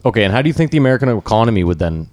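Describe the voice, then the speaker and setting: A man's voice: lowish voice, very animated, rapid-fire, a little mellow, no room sound. A man co-hosting a casual podcast chat, arguing his point and pushing the others with questions. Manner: argumentative, pressing with questions. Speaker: podcast co-host.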